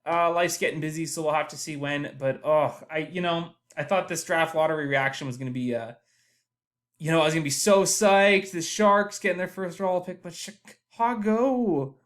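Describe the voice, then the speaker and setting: A man's voice: fairly high pitch, steady tone, brisk, a bit bright. A man hosting a live reaction podcast, emotional and dejected, groaning and sighing as his voice swings up and down. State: dejected, heartbroken. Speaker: podcast host.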